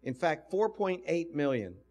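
A man's voice: on the high side, measured pace. An older man from the United States telling stories in a university lecture and acting out the voices he quotes. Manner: storytelling, animated, acts out quoted voices. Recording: lecture hall with long reverb.

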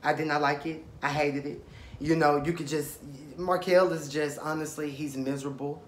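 A man's voice: a little high, steady tone, normal speed, reverberant, a little hiss or hum. Sassy, profane man with an East Texas accent. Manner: sassy, profane, dramatic, talks straight to people on the show. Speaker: commentary host reviewing a reality show. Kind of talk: casual commentary.

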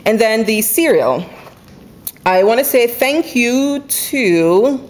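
A woman chatting casually at home about her couponing haul, running through prices quickly and laughing now and then. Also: fairly high pitch, sing-song. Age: adult with school-age kids. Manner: chatty, quick, runs numbers aloud, laughs often. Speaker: couponing vlogger. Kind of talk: casual haul video chat. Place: home, indoors.

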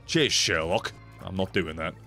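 Over background game music, a low-voiced man takes his time while casually narrating his gameplay as a streamer. He's excitable and full of jokes and profanity.

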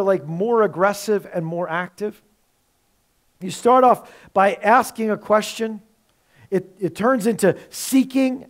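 A male pastor preaching a sermon in a conversational way, with rhetorical questions. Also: sits high.

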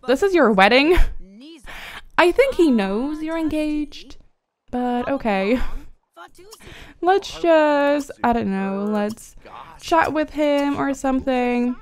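A woman giving chatty, giggly commentary as she plays a life-simulation game and talks to her characters. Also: on the high side. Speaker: gaming YouTuber. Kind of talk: casual let's-play commentary.

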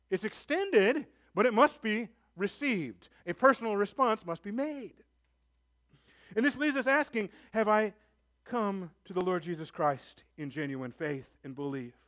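In a church, a male pastor preaches a sermon with earnest, pleading intensity, building up to emphatic points before dropping low and soft. His delivery is expressive and at a normal speed.

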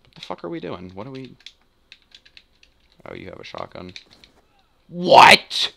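A man's voice: mid-range voice, wildly swooping pitch, normal speed, creaky, a little hiss or hum. A young man giving live gameplay commentary, muttering and swearing as he grumbles about the match and himself. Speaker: gaming channel host.

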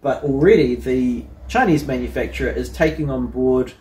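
Man, channel host, casual rambling vlog talk, mid pitch, echoey room. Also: moderate pace, a little mellow. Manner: rambling, with frequent ums and you-knows. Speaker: hobby engineering channel host.

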